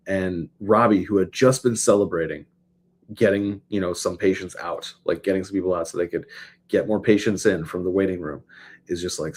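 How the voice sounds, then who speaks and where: A man co-hosting a podcast, recapping a TV episode in casual chat with animated storytelling that acts out scenes. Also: sits low, normal speed. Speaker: podcast co-host.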